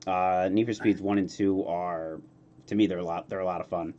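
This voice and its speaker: Low-voiced man hosting a casual stream. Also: muffled recording. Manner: relaxed, halting, reads chat questions. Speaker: podcast host.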